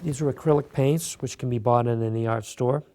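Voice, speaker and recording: A man hosting a beginner clay sculpting tutorial, talking relaxed and casual while he works. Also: mid-range voice, brisk, slight background noise. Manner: relaxed, talks while working, many fillers. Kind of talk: step-by-step craft tutorial.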